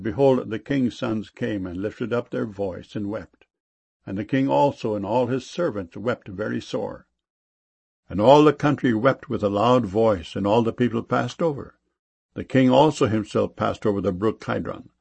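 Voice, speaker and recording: Male scripture reader, solemn and measured; low, husky delivery. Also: darkish tone. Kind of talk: scripture reading.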